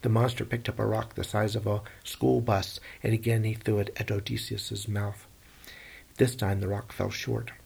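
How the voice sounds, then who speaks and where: Gravelly, husky male storyteller. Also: lowish voice, normal speed. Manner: animated, plain-spoken retelling with folksy phrasing. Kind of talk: oral storytelling of a myth.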